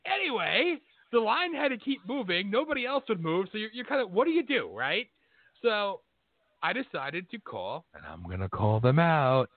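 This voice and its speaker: This host has a high, sing-song voice at normal speed, recounting a story bluntly, swearing a lot and getting more heated as he goes in a casual conversation. There's no room sound, and the audio is tinny like a phone line.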